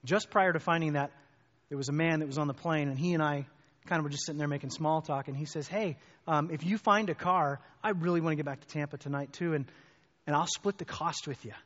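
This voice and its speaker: A man preaching a sermon, telling a personal story in an animated way and climbing high and loud when excited. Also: fast. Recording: muffled hall with long reverb.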